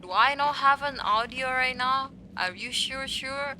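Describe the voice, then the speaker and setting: A woman streaming a game talks at a moderate pace in a high, bright voice with a forceful tone. She keeps the chat casual, playfully teasing viewers and answering their messages, with slight background noise.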